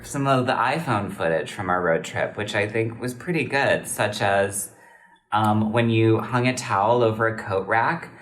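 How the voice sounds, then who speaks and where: A man's voice: lowish voice, normal speed, fairly bright tone. A man co-hosting a casual chat, teasing and bantering playfully. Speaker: co-host. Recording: roomy echo, faint background noise.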